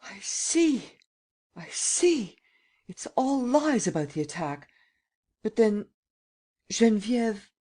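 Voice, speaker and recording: A man's voice: a little high, moderate pace, darkish tone, close to an everyday voice. A male narrator voicing an anxious old woman who pleads and frets over her granddaughter. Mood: alarmed. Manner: tearful, imploring.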